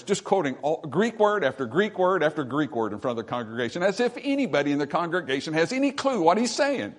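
A man preaching a sermon from the pulpit, emphatic and repetitive, calling out "amen" to the congregation. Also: on the high side. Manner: repeats phrases for emphasis. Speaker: pastor.

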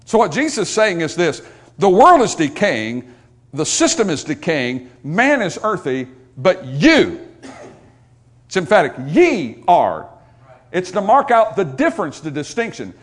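Middle-aged guy preaching, high voice that jumps all over, folksy asides, gets loud on the big points. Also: very animated, moderate pace. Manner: folksy, joking asides to the congregation; swings from soft asides to loud emphatic points. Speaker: pastor. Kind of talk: sermon.

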